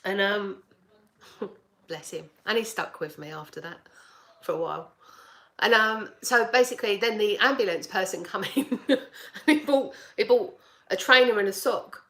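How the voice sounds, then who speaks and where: A middle-aged woman tells a personal story in a casual, chatty way. She laughs often and acts out the voices of people she talked to, with plenty of restarts. Her voice sits at an ordinary middle pitch. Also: normal speed, creaky. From United Kingdom. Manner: animated, laughs often, acts out dialogue with repeated words. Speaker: vlogger telling a personal story.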